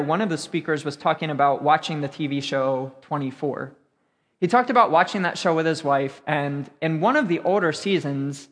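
A man's voice: a little high, a bit bright. Preaching man in an echoing hall. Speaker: pastor. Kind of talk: sermon.

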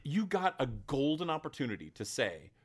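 A podcast co-host with a fairly high voice speaks a little fast, telling a story in a heated, animated, emphatic way during a casual discussion.

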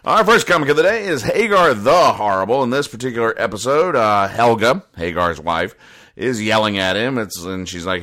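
Man, very low voice, forceful tone, casual commentary, wry, lots of uh pauses. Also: expressive. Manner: dry, wry asides with frequent "uh" hesitations. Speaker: host reading newspaper comics.

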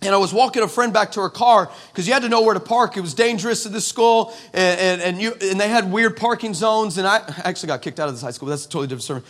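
Sarcastic, high-voiced young preacher. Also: male voice, quick pace, hardly any pauses. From El Paso, West Texas, USA. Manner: animated, sarcastic, stammering restarts. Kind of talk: comic storytelling sermon. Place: church.

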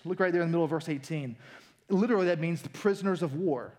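Male pastor preaching, pretty high voice, casual and fired up, climbs up when he hits a point. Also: fast. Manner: energetic, colloquial, builds up in pitch for emphasis. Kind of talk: sermon.

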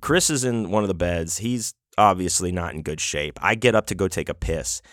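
A podcast host with a deep, expressive, slightly bright voice tells a road story at a moderate pace. He rambles and swears casually, full of fillers and restarts, in a dry, studio-quality recording.

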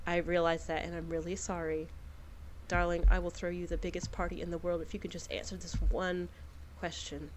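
A woman voicing a troubled, gentle necromancer in a tabletop game, talking slowly and gravely. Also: low voice, slight background noise, pitched below the performer's own voice. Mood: pleading. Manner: slow, hushed and grave.

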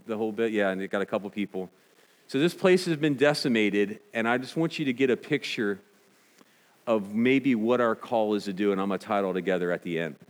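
A man's voice: lowish voice, in a large hall. A man preaching a conversational sermon as a pastor, often asking the congregation questions.

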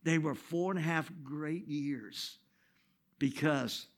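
A pastor telling a personal story in a sermon, swinging from loud outbursts to hushed, soft moments. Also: male voice, fairly high pitch, takes it slowly. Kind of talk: sermon testimony.

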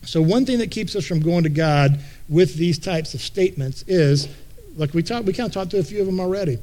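A man's voice: high voice, brisk, dark tone. A male pastor preaching a conversational sermon in a folksy way, often repeating words as he thinks aloud.

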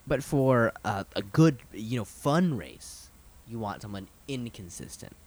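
A man's voice: fairly low pitch, expressive, measured pace, a little mellow. A man co-hosting a casual chat, musing aloud and teasing his partner. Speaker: podcast co-host. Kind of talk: casual chat about motor racing.

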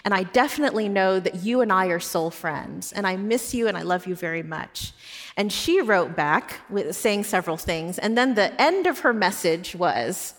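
Woman pastor sharing a story from the pulpit, mid pitch, long hall echo. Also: animated, moderate pace. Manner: personal storytelling, warm and earnest. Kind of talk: sermon. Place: church.

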